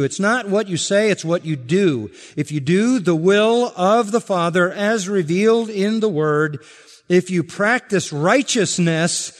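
Male pastor, sermon, fairly high voice, emphatic and repetitive, trailing off low. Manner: emphatic, repetitive, drops soft and low at line ends. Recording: long reverb of a hall.

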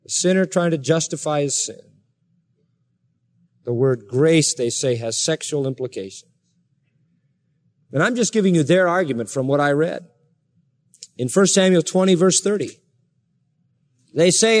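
A man's voice: high-pitched, moderate pace, long pauses. A man preaching a sermon, reading scripture aloud and rising sharply in emphatic indignation. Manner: reads scripture aloud in King James wording.

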